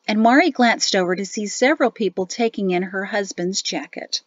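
A woman reading a novel aloud as audiobook narrator, with an even storytelling delivery. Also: medium pitch, moderate pace, dry recording, muffled recording. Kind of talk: scripted narration.

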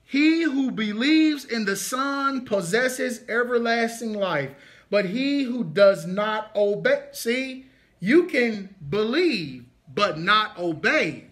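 A man's voice: very high-pitched, lively intonation, takes it slowly, fairly bright tone. A man teaching an interactive Bible study, leaning hard on key points and stretching words for emphasis. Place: congregation meeting room.

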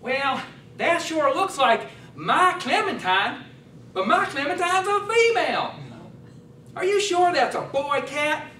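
A man voicing a folksy, eager, dim rural man in overalls, with a high drawling put-on voice and slow, exclaiming speech. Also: expressive, sharp tone, a little hiss or hum, heavily acted. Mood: puzzled. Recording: echoey hall, mic at a distance.

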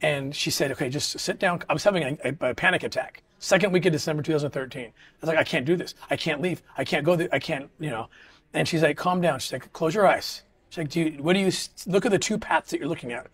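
A middle-aged man with a slightly high, fairly bright, husky voice chats earnestly as an interview guest. The conversation is casual, and he often breaks off and restarts sentences.

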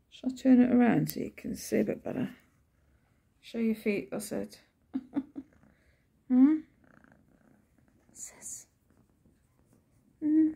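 A woman's voice: medium pitch, measured pace, vocal fry, long pauses, mellow. A woman chatting casually at home, cooing to her cat between stories about waiting on workmen. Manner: chatty, coos in baby talk to the cat. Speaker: vlogger. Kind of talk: casual chat to camera while petting cats. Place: home, indoors.

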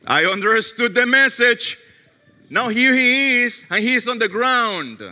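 Animated preacher man in a reverberant hall. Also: unhurried. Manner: animated storytelling, self-mocking humor, drops to a hushed low voice for quoted words. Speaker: pastor. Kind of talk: sermon. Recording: long reverb of a large hall.

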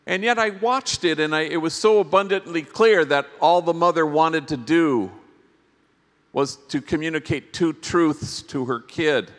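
A priest giving a workshop talk at a conference, telling stories in a gentle, reflective way with pauses. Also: male voice, fairly high pitch. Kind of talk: storytelling keynote talk. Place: large conference hall. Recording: long hall reverb.

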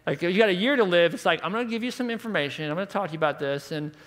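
Speaking very fast in a high-pitched voice, a man in his thirties preaches a conference sermon. Rhetorical questions run throughout, and his delivery shifts between hushed and emphatic.

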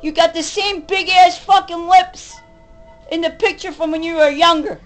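A high-pitched woman in her forties unloads a furious, rambling rant full of swearing. She talks as if venting straight at the camera. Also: fairly even intonation, moderate pace, faint music behind, poor audio. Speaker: vlogger. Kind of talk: angry venting monologue.

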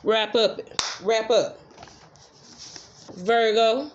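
A woman's voice: fairly high pitch, fairly even intonation, extremely slow, a little hiss or hum. Chatty woman tarot reader, lo-fi sound. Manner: chatty, repeats affirmations, swears freely. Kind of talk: casual tarot reading.

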